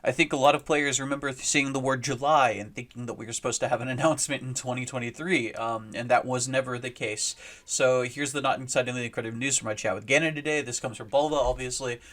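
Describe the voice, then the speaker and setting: A man's voice: mid-range voice, steady tone, quick pace, fairly bright tone. Rambling man hosting a commentary video. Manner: rambling, many fillers and restarts. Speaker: host.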